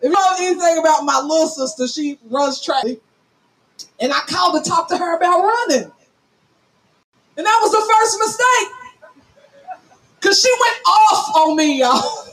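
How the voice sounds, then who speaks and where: Lady pastor preaching loud, super high voice, folksy, gets the church to answer back. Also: expressive, normal speed, long pauses, poor audio. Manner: preaching loudly, emphatic, calls for audience responses; folksy, tells stories on herself. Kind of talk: sermon.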